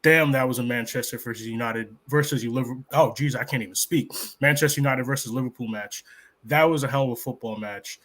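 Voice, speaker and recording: Bright-voiced, hyped American man. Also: medium pitch, fairly quick. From United States. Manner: hyped, swears freely. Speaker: podcast panelist. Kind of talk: excited match-reaction chat.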